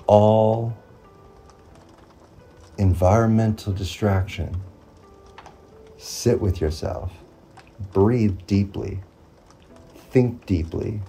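A man giving an earnest motivational monologue, repeating phrases and pausing often. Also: on the low side, warm tone. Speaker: motivational vlogger.

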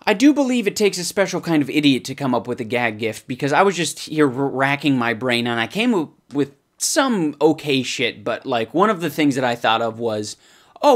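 Sarcastic young man mocking a product. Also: medium pitch. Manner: crude, mocking, swears often; swings between loud outbursts and muttered asides. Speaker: comedy vlog host. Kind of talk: sarcastic comedic product review.

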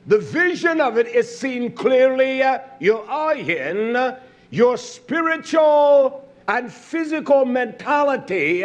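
A man preaching a sermon in a high voice, with long unhurried phrases that build toward shouts. He repeats words for emphasis and fills his pauses with drawn-out fillers before sinking low again. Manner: slow, swelling preaching, rising to shouts then dropping low.

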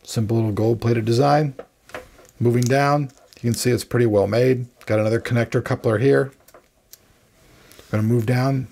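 A tech reviewer unboxes and reviews a gaming headset, rambling casually and cracking jokes at his own expense. His voice is medium-pitched, gravelly and a bit dark, with a steady tone, normal speed and long pauses. He comes across as chatty and self-deprecating.

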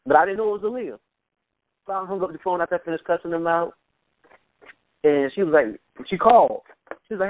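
A man's voice: on the high side, animated. A man as an interview guest, telling stories in a laid-back way, laughing now and then. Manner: laid-back storytelling, quick laughs, mimics voices in anecdotes. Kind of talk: casual recollection over a phone interview. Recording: tinny phone line, dry.

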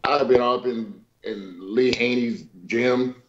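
A man in his fifties, a lively storyteller who acts out what people said, loose slang and easy laughter. His voice sits at an ordinary middle pitch. The audio comes through a little dull and lo-fi. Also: unhurried. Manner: animated, laughing storyteller acting out dialogue with slang. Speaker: guest. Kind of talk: casual storytelling chat.

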